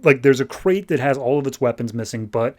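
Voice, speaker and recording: A man's voice: medium pitch, brisk, darkish tone. A man hosting a comic book podcast, recapping an issue in a casual, rambling way with wry, sarcastic asides.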